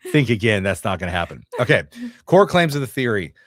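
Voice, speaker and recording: A man's voice: fairly low pitch, sing-song, fast talker, fairly bright tone, dry recording, studio quality. A man hosting a casual podcast, explaining theories in a rambling, self-correcting way. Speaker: podcast host. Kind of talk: casual chat.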